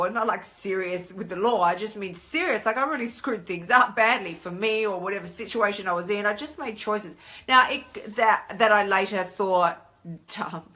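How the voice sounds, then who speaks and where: An Australian woman in her thirties talking casually on a live stream as a coach, chatty and animated, acting out inner voices. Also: mid-range voice. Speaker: weight-loss coach hosting a live stream.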